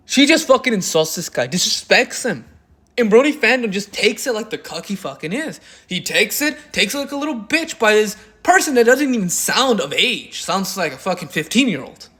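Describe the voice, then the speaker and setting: A man's voice: high voice, big pitch swings, normal speed, a bit bright. A man doing drama commentary in a crude, mocking and heavily profane way. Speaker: commentary YouTuber.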